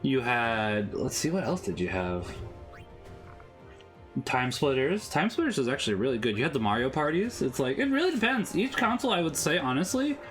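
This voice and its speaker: A man's voice: medium pitch, sing-song, moderate pace, fairly bright tone, soft background music. A man co-hosting a casual game stream, chatting and answering viewers' comments. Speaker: streamer co-host. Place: home streaming setup.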